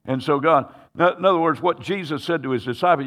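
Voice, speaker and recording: A man preaches a sermon, acting out the people in a scripture story with plenty of drama. His voice sits a little high for a man. It rings with long reverb, as in a large hall. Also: fairly quick, hardly any pauses, fairly bright tone.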